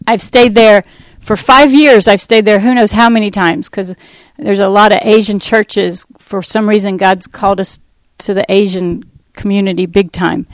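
A woman giving a personal faith testimony to a church audience, telling her story in a rambling, animated way and acting out what people said. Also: mid-range voice, normal speed, no room sound, low-quality recording. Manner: animated storytelling that acts out quoted speech; rambling, with fillers and restarts. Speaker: Christian ministry speaker.

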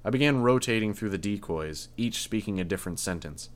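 A man narrating a first-person story in a tense, measured reading. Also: on the low side, lively intonation. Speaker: audiobook narrator.

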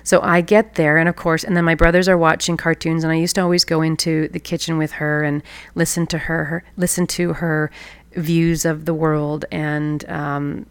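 A woman coach hosting her own show, telling a childhood story in a reflective, motivational monologue with soft laughs. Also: sits low, level tone, moderate pace, smooth, dry recording. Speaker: personal excellence coach and podcast host.

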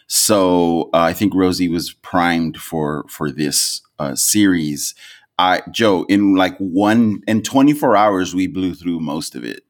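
Man, low voice, podcast co-host, casual chat, rambling, filler-heavy. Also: takes it slowly. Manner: rambling, self-correcting, full of fillers.

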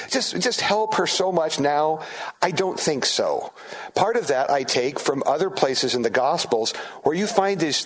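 A middle-aged man preaching a sermon as pastor, in a conversational, animated way, with frequent restarts and asides to the congregation. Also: medium pitch. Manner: conversational, animated, acts out disciples' voices.

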